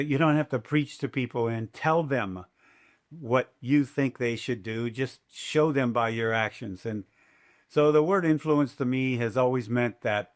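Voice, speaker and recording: Chatty older man telling a story. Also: medium pitch. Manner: lively, chatty, fond of quoting himself. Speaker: podcast guest, race announcer. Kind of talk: casual storytelling.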